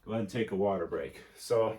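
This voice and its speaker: A man's voice: fairly low pitch, fast talker, a little mellow. Man coaching a home workout, echoey. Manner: coaching, talks while exercising. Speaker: fitness instructor. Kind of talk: casual workout instruction. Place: indoor home room. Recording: echoey room, distant mic.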